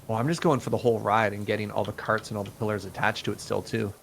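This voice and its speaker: A man's voice: on the low side, little pitch movement, fast, vocal fry, a bit bright, slight background noise. A man chatting casually during a multiplayer game, giving helpful tips to the other players. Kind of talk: casual gameplay chat.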